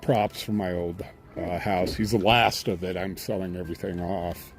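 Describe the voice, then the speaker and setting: A man's voice: low voice, steady tone, normal speed, faint music behind. A man streaming live outdoors, chatting casually and rambling with lots of uh's and restarts. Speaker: independent scanner-chasing reporter. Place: outdoors at a haunted house attraction. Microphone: handheld phone camera.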